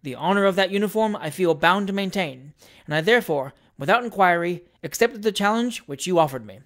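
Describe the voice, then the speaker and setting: A timid young gentleman from a classic novel, as a reader puts him on, now stiffly formal and proud. His speech is measured and courteous throughout. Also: medium pitch, expressive, lightly acted. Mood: dignified. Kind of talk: audiobook reading of a classic novel.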